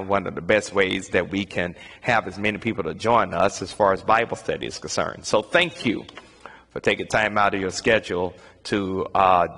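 A man leading an online Bible study, talking in a measured way with lots of fillers and repeated phrases. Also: fairly low pitch, fairly bright tone. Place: indoors, streamed to a virtual audience. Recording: long hall reverb.

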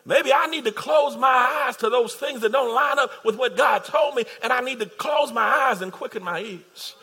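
A man's voice: very high voice, normal speed, creaky, sharp tone, slightly rough. A man preaching a sermon, building his points through repeated phrases and calling out to the congregation.

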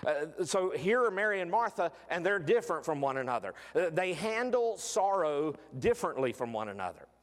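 A man's voice: a little high, big pitch swings, brisk, hardly any pauses, long reverb tail. A man preaching a sermon in a conversational way, with frequent fillers and restarts.

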